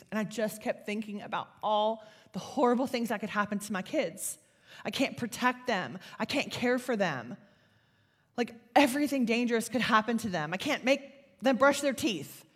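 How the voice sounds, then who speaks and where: A woman's voice: mid-range voice, fairly bright tone. A middle-aged woman gives an earnest, confessional faith talk to an audience. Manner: earnest, confessional, builds to fervent. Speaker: speaker. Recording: long hall reverb.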